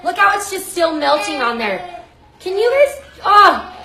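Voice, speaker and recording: A woman's voice: extremely high pitch, sing-song, a little slow, bright, forceful tone. A woman hosting a live cooking demonstration from her home kitchen, chatty and effusive, often breaking off mid-sentence. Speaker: cooking show host. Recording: echoey kitchen. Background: baby crying.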